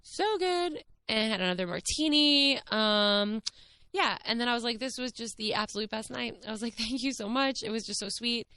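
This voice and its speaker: A young woman, hosting her podcast and gushing excitedly about a date in a casual, "like"-filled story. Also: fairly high pitch, brisk, clean tone, no room sound. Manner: gushing, excited, peppered with "like" and "what is happening". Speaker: podcast host.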